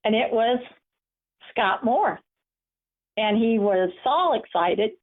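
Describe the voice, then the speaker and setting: A woman's voice: fairly high pitch, animated, slow pace. A woman empowerment coach giving a webinar presentation, telling personal stories in an encouraging way. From United States. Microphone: webinar call audio. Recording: phone-like narrow audio.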